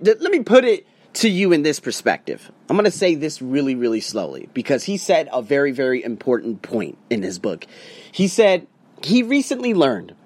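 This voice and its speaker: Man, casual money talk, rambling, emphatic, higher voice, dry sound. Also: dry recording. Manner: rambling, conversational, emphatic slowdowns. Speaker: motivational vlogger.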